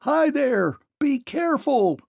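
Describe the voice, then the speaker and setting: A man voicing an excitable, boastful male scarecrow in a high, eager storybook voice. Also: unhurried, vocal fry, no echo, clean studio sound, full character voice. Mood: alarmed.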